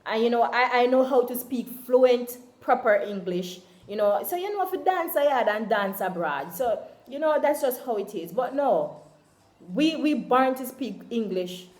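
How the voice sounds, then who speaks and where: A young woman with a Jamaican accent chats casually to her viewers, her talk full of easy fillers. Her voice sits a little high. The room around her rings with echo. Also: animated, normal speed, darkish tone. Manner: chatty, full of "you know" fillers. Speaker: vlogger. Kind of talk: casual vlog to camera.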